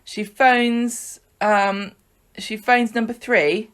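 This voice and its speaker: A woman's voice: fairly high pitch, steady tone, drawn-out words. A woman co-hosting a podcast, recapping the week's soap opera in a chatty, joking way, with plenty of fillers. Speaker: podcast co-host.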